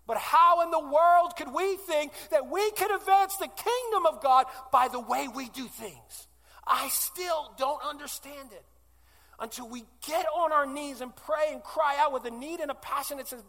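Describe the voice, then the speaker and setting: Impassioned high-voiced preacher, ringing hall. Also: male voice, measured pace, gravelly. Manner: impassioned, swinging from loud declarations to hushed, tearful-sounding pleas. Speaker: pastor. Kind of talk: sermon.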